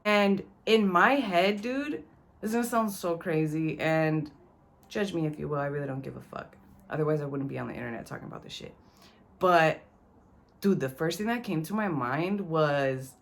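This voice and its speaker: A young woman vlogger with a deep voice speaks at a moderate pace. She tells a personal story in casual slang, curses freely, and talks straight to the viewer.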